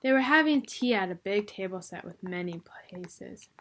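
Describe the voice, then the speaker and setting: A woman reading a children's storybook aloud in a lively, expressive way. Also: mid-range voice, normal speed. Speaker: reader.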